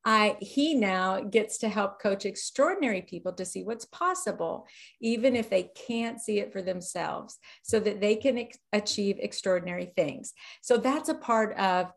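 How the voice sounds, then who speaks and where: A woman's voice: medium pitch, normal speed, creaky. A woman hosting a podcast over a video call, chatting enthusiastically with her guest and reading his bio aloud. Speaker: podcast host. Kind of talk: casual interview chat.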